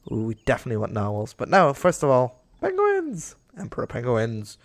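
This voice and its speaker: A man's voice: medium pitch, fast, gravelly, dry recording. A young man giving casual, rambling commentary over a game, talking to the animals on screen and getting exasperated with them. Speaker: gaming YouTuber.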